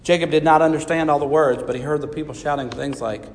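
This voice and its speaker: A man reading a children's Bible story aloud in a measured storybook manner. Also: fairly high pitch, steady tone. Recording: reverberant hall.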